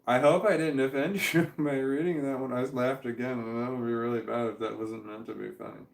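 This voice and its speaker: A man talks through viewer comments in a loose, halting way, repeating and restarting words. His voice sits at an ordinary middle pitch for a man. The room around him rings with a noticeable echo. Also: fairly even intonation, vocal fry. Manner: halting, repeats words, reads comments aloud and stumbles over them. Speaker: vlogger reading chat comments. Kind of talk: casual livestream chat. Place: indoors at home with his dog. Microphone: webcam.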